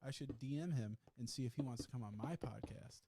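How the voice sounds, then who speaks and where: A man's voice: mid-range voice, a little fast, creaky, background noise. A man hosting a podcast in casual chat, laughing often and swearing freely. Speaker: podcast host.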